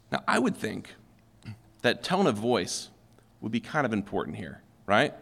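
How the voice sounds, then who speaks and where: A man's voice: on the low side, big pitch swings, measured pace, creaky, long pauses, a bit bright. A male pastor preaching a sermon in a conversational way, often checking in with "okay?" and putting questions to the room. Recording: long hall reverb.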